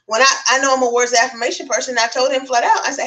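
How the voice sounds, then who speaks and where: A woman's voice: high-pitched, fairly even intonation, racing, bright, forceful tone, poor audio. A woman speaking as a guest on a casual round-table chat, frank and reflective, talking at length.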